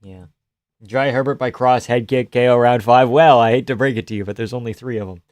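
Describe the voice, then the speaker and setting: A man's voice: mid-range voice, fairly even intonation, a little fast, a little mellow, no echo. Young man rambling on a dry stream. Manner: rambling, jokey, reads chat aloud. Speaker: live stream host. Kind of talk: casual live-stream commentary.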